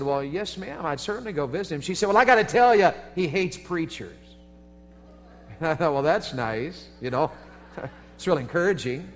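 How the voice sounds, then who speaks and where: A man preaching a revival sermon, telling a story in a folksy, animated way and building to loud, high passages. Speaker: evangelist preacher. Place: church sanctuary. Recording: long hall reverb.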